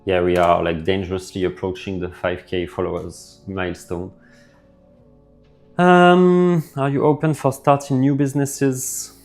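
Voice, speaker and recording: Laid-back developer streamer, male, lowish voice, easygoing chat over faint music. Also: unhurried. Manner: relaxed, thinks aloud with fillers, reads chat messages out. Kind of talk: casual live stream chat reading viewer comments.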